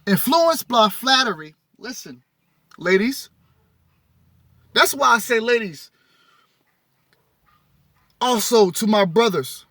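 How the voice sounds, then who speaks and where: Man, bright voice, reading aloud, preachy asides, rereads and self-corrects, dry recording. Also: high voice, no echo. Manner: rereads passages, stumbles and corrects himself; addresses listeners directly in casual vernacular. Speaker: spiritual teacher reading and commenting.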